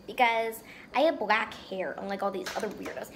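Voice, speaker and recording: A woman's voice: mid-range voice, fairly quick. A young girl playing out silly doll skits, switching dramatically between bratty voices. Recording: noisy home recording.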